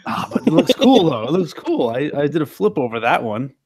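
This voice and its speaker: Excited guy player tripping over his words, dry close mic. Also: fairly high pitch, brisk, breathy edge, dry recording. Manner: eager, stammering, repeats words. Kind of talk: casual tabletop role-play.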